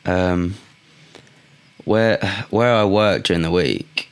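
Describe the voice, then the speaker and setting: A man's voice: low voice, animated, takes it slowly, clean tone. A young man co-hosting a podcast, chatting in a laid-back, teasing way with some hesitant "um"s. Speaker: podcast co-host. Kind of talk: casual chat.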